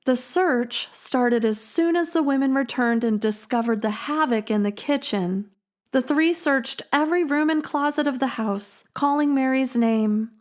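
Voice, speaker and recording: Woman reading a creepy story for her podcast, slightly high voice, slow and dramatic. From Illinois, USA. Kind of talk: scripted narration.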